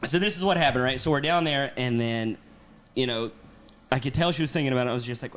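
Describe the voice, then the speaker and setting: A man's voice: mid-range voice, quick pace, a bit bright. A man hosting a podcast, telling a long comic story with lots of swearing and laughter. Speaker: podcast host, comedian. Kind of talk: casual storytelling chat.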